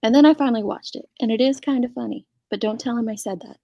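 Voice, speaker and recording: A woman's voice: a little high, fast, creaky, mellow, highs cut off. A middle-aged woman from Central Illinois hosting a casual group chat, chatty and laughing often. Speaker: channel host.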